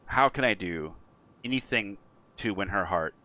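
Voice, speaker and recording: A man's voice: low-pitched, expressive, normal speed, pushed and bright. A man doing a lovesick, flustered circus clown. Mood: pleading. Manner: pleading, flustered, stammering. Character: timid young male circus clown, lovesick.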